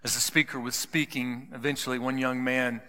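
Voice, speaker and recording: A man preaching a sermon, dramatic, dropping to hushed whispers for emphasis. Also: medium pitch, level tone, moderate pace, long reverb tail. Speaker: pastor.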